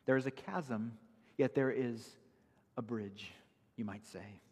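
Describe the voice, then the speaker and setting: A man's voice: mid-range voice, slow, husky, big-room sound. A man preaching a sermon, earnest and emphatic, citing Bible verses as he explains them. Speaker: pastor.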